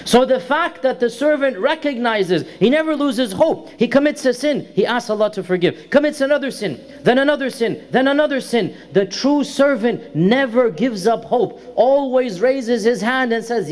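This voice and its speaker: A middle-aged man teaching a religious lecture, explaining terms carefully and repeating key words for emphasis. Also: very high voice. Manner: pronounces Arabic terms carefully. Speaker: Islamic lecturer.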